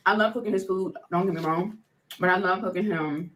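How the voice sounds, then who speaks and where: A woman's voice: lowish voice, fairly quick, a bit bright, a little hiss or hum. A woman in a casual chat, talking eagerly about the food she cooks for her husband. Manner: chatty, enthusiastic listing. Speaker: wife chatting about cooking. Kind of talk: casual conversation.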